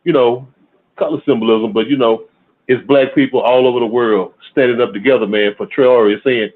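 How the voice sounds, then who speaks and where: A man's voice: medium pitch, fairly even intonation, normal speed. Laid-back man on a tinny phone line. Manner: laid-back, says "man" at the end of phrases. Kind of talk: casual livestream chat.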